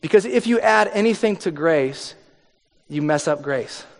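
A man's voice: fairly high pitch, lively intonation, unhurried, creaky. A man preaching a sermon as a pastor, talking in a casual, joking way and acting out the voices of the people he quotes. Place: church hall. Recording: long reverb of a large hall.

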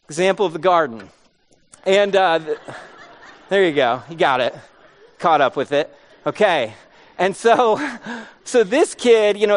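A man preaching a sermon, mixing earnest points with funny, self-deprecating stories about his kids. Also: sits high. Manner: storytelling with self-deprecating humor. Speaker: pastor.

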